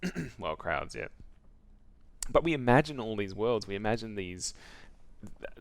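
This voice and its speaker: A man co-hosting a casual games chat show, talking haltingly with restarts and frequent laughs. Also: on the low side, expressive, vocal fry, dry recording. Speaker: podcast co-host.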